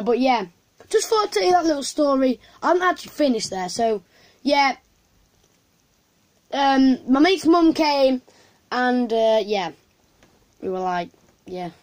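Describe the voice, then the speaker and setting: A woman's voice: sits high, expressive, unhurried, pauses often. Rambling woman telling a story. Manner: rambling, many fillers and restarts. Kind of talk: casual storytelling to camera.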